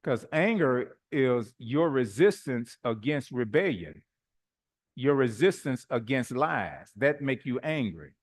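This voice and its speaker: A middle-aged man preaching in a relaxed, colloquial way. His voice sits at an ordinary middle pitch. He moves through personal stories with lively swings and chuckles between phrases. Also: slow. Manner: animated, colloquial, laughs mid-sentence. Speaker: bishop. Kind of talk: informal sermon with personal stories.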